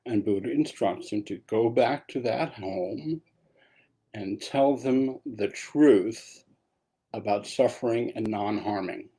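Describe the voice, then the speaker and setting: A man's voice: on the low side, slow, dark tone, slightly rough. A man giving a dharma talk as a meditation teacher, telling a story in a casual way with asides.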